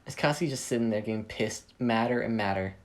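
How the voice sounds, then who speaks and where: A man with a fairly low, somewhat tired voice casually reads his own fan story aloud at a quick pace. He rambles, interrupts himself, and cracks jokes while a video game plays in the background.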